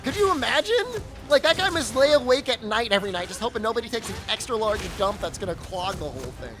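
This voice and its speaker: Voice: mid-range voice, lively intonation, quick pace. A game streamer chatting casually on a live stream, ranting in a mock-angry way and laughing often.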